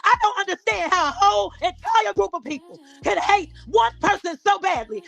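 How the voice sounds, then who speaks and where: A woman ranting angrily on a livestream, cursing, shouting and pleading through tears. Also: very high voice, normal speed, vocal fry. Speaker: YouTuber in played clip. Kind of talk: angry livestream rant.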